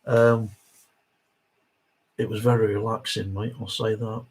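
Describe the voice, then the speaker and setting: A man's voice: on the low side, flat delivery, unhurried, breathy edge, rough recording. Chatty man reading stream comments. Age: middle-aged. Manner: chatty, reads viewer comments aloud, many fillers. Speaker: host of a live Q&A stream. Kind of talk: casual live-stream chat reading comments.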